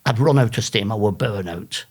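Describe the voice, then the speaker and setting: A man from England, a guest telling lively anecdotes in an interview and laughing often. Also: on the low side, moderate pace, slightly rough. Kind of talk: storytelling in an interview.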